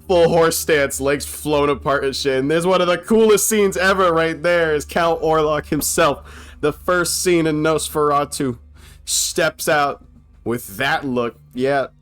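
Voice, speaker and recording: Excitable, slangy young man reacting to a film. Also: fairly high pitch, a little slow, clear, resonant tone, soft background music. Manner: excited, slangy, swears a lot, laughs often. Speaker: movie reaction commentator. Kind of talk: casual film commentary.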